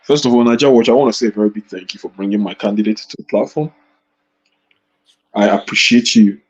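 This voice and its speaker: A man's voice: fairly low pitch, husky. Effusive Nigerian man on a dull line. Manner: effusive, grateful, halting. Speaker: debate speaker. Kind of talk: online debate speech. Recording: dull lo-fi online call audio.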